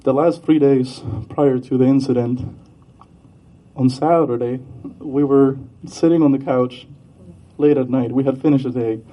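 A man giving a halting, heartfelt memorial speech at a vigil, with many fillers and restarts. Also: mid-range voice, steady tone, highs cut off. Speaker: vigil speaker.

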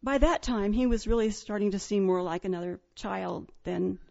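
A woman from Iowa telling a personal ghost story from her childhood in an earnest, halting way, on a dull lo-fi recording. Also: medium pitch, creaky, warm tone. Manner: earnest, with many restarts and pauses.

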